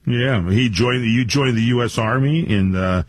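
A man's voice: medium pitch, unhurried, husky, dry recording. A man hosting a national radio talk show, enthusiastic and rambling, with many fillers. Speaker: radio host.

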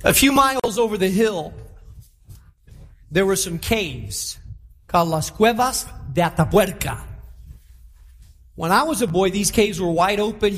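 High-voiced preaching pastor in a hall. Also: male voice, a bit bright. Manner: preaching with rising, emphatic repetition to a congregation. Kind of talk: sermon. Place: large church auditorium.

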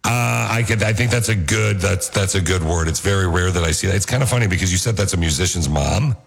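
A man's voice: low voice, vocal fry, breathy edge. A man co-hosting a show, chatting casually and teasing his co-host with jokes. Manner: joking, teasing, rapid talker. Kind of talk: casual banter.

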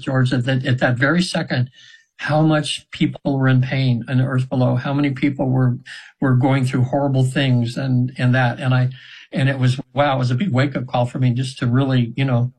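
A man's voice: mid-range voice, husky, low-quality recording. A man in his seventies, a guest on a radio show, telling a long personal story in an earnest, rambling way with many restarts. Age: 70s. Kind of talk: conversational storytelling.

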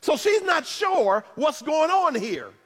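High-voiced animated male preacher. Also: slow pace, long reverb tail. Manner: animated, playful asides, shouted emphasis. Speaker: pastor. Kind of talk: sermon.

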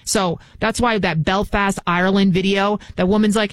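A woman's voice: medium pitch, fairly even intonation, normal speed, dry recording. Scornful ranting woman talk host. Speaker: fill-in radio talk host. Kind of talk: political talk radio monologue.

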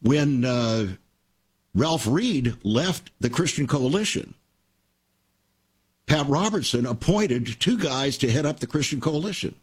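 A man's voice: medium pitch, animated, takes it slowly, breathy edge. An older man hosting a Christian radio talk show, telling stories earnestly and with emphasis.

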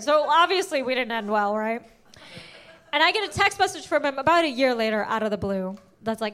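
A young woman of Indian origin performing a stand-up set, telling a story with animated bursts on the punchlines. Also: sits high, fairly quick. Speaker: stand-up comedian. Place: comedy club stage. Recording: noisy club recording.

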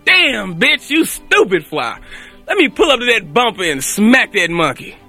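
Guy doing a super high bright swaggering street tough, slang everywhere. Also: sing-song, unhurried, soft background music, heavily acted. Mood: brash. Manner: brash slang-heavy swagger.

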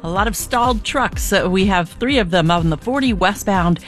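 A woman giving a brisk radio traffic report, listing stalled trucks and slowdowns. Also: mid-range voice, animated, soft background music.

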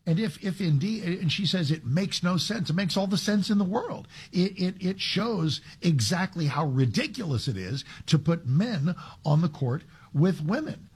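A man's voice: high voice, animated, normal speed, few pauses, slightly rough. A man hosting a talk radio show, giving conversational commentary with frequent restarts and sarcastic asides.

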